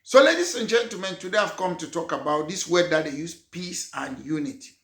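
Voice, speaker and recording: A man's voice: fairly high pitch, animated, fairly quick, a bit bright. A man from Cameroon, a political party leader giving an emphatic address to an audience and posing rhetorical questions. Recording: roomy echo.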